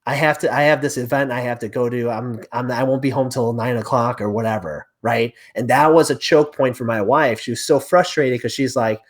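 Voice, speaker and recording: Animated man telling a family story. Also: mid-range voice, brisk, hardly any pauses. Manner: animated storyteller acting out quoted dialogue. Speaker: real estate agent, podcast guest. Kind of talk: conversational storytelling interview.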